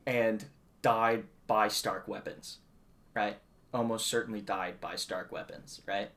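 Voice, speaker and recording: A man's voice: lowish voice, fairly even intonation, takes it slowly, a bit bright. A man co-hosting a casual movie review podcast, talking animatedly with lots of restarts and frequent laughter. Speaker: podcast co-host.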